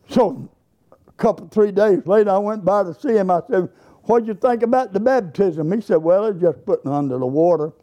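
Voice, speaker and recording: A man's voice: high voice, highs cut off. An older man, a Baptist preacher telling a story in a sermon and acting out both sides of the dialogue in a folksy way.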